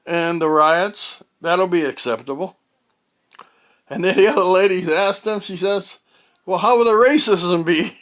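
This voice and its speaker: A man tells a story in a casual monologue from his home. His voice sits a little high and he speaks slowly. He halts often, filling gaps with fillers and starting phrases over. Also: a bit bright. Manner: rambling and halting, with many fillers and restarts. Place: at home, indoors.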